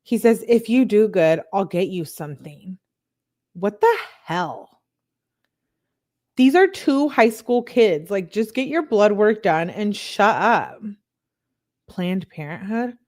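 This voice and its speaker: A woman hosting a show, reading text messages aloud in a plain, steady way and breaking off for blunt, disbelieving asides to her viewers. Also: mid-range voice, a little slow. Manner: reads chat comments aloud to viewers. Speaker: channel host.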